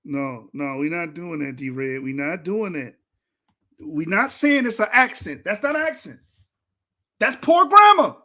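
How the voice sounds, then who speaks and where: A man's voice: a little high, animated, unhurried, sharp tone. A man hosting a reaction video, talking casually in an exasperated, ranting way and breaking into laughter.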